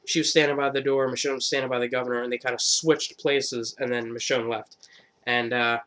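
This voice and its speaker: A man's voice: medium pitch, level tone, a little fast, pushed and bright. Rambling, profane man recapping a show. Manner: rambling, profane, lots of fillers. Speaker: vlogger. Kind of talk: casual TV episode recap.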